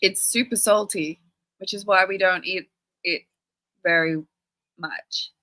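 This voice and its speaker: A woman's voice: medium pitch, fairly even intonation, slow, bright, forceful tone, dry recording, rough recording. A woman from Australia hosting a casual live stream, chatty and full of rambling anecdotes. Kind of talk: casual chat.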